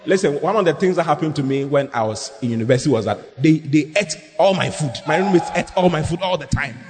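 A man preaches with a high, lively voice, leaning into humor and call-and-response. His speech rings in a hall with a long echo. Faint background noise hangs underneath. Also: fast talker, crowd noise. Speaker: pastor. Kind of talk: sermon.

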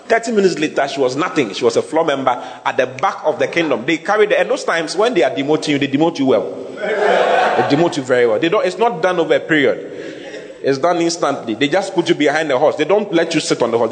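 A man preaching in a lively, animated style with a fairly high voice. He spells out words and laughs along the way, and a long reverb hangs over his speech as if he were in a big hall. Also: fairly quick. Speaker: preacher teaching Bible words. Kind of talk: sermon.

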